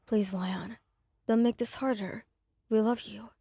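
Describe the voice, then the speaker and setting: A woman voicing a gentle, pained young man who talks quietly and pleads in an ASMR audio story. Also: mid-range voice, flat delivery, normal speed, breathy edge, dry recording, studio quality, lightly acted. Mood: pleading.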